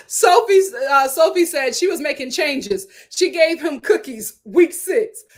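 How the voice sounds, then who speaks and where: A woman hosting a live-stream recap of a reality show, talking in a dramatic, animated way and laughing often. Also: high voice, slow pace. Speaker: reality TV review host.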